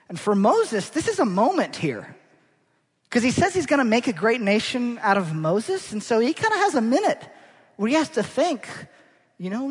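A male preacher giving an animated, rhetorical sermon that draws his congregation in, heard in a church hall. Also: very high-pitched, moderate pace, breathy edge. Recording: long church-hall reverb.

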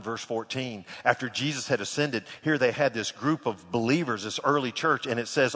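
A man preaching a sermon, telling a funny personal story with lively animation before turning to scripture. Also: medium pitch, normal speed, hardly any pauses, slightly rough. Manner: animated storyteller, laughs through the tale. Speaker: pastor. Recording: long echo of a large hall.

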